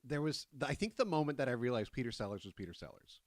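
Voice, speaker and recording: Podcast co-host, male, mid-pitched, dry close sound, easygoing recap of scenes. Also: fast talker, no room sound. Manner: relaxed, filler-heavy storytelling. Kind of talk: casual film chat.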